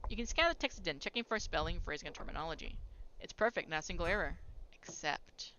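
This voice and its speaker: Relaxed woman streaming a game. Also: lowish voice, fast, a little hiss or hum. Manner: relaxed, reads game dialogue aloud. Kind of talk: casual game commentary. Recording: slightly dull stream audio with game music.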